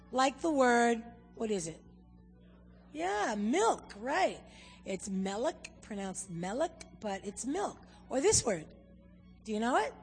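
An American woman speaking as a missionary at a church, joking and talking straight to the congregation while teaching a few words. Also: fairly high pitch. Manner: animated, joking, addresses the audience directly. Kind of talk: humorous church talk with a language lesson. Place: church hall. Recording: reverberant hall with faint music.

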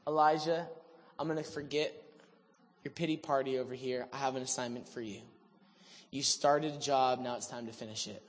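A man voicing God as a patient, kind male figure, speaking low and soft. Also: fairly even intonation, moderate pace, big-room sound, lightly acted. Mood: gentle.

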